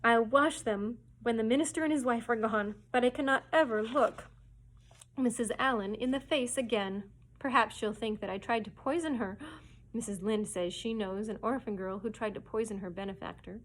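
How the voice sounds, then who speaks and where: A woman's voice: fairly high pitch, moderate pace, lightly acted. A woman voicing an imaginative, dramatic orphan girl who pleads breathlessly. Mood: pleading.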